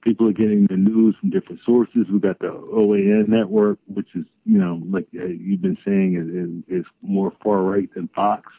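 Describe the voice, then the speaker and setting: A middle-aged man co-hosts a political talk show, rambling and groping for words in a deep, husky voice with little pitch movement. He speaks at normal speed with hardly any pauses, and the dry recording has tinny phone-line audio.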